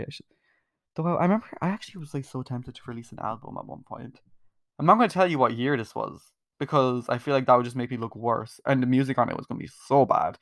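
A man's voice: medium pitch, fast talker, no room sound, studio quality. A young man hosting his own podcast, rambling casually, swearing freely and putting himself down, with lots of "like" fillers. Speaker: podcast host. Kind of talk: casual solo podcast monologue.

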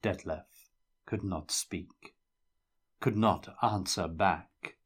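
A man reading a fantasy novel aloud in a measured, dramatic storytelling manner. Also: deep voice, breathy edge. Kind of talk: audiobook-style fiction reading.

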